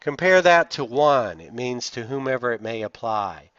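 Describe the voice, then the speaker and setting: An instructor with a Southern accent, a man from the Southern United States, lectures over slides at normal speed with few pauses, his mid-range voice a bit bright. He emphatically stresses key words and uses frequent "uh" fillers; the sound is dull, dry, lo-fi, without echo.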